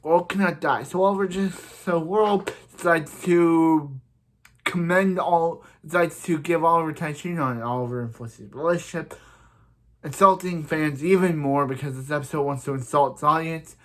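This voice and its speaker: A man's voice: fairly high pitch, moderate pace, a bit bright. A young man casually recapping and ranting about a TV episode, rambling with many restarts and growing heated. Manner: rambling, repeats "he's like" and "so yeah", heated. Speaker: TV episode reviewer.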